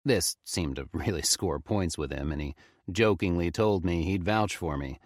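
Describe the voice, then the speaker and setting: A man reading a horror story aloud with expressive, tense storytelling. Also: low voice, moderate pace, no room sound, clean studio sound. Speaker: audiobook narrator. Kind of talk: scripted horror narration.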